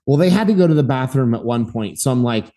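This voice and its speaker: Animated man telling a story. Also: medium pitch, fast talker. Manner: animated, acts out voices in his story. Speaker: podcast co-host. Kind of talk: casual storytelling.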